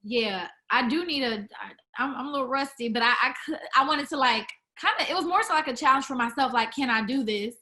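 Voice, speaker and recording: A woman's voice: sits high, fairly quick, sharp tone. A young woman who sings R&B, chatting casually in an interview, full of fillers and restarts. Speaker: R&B singer, interview guest.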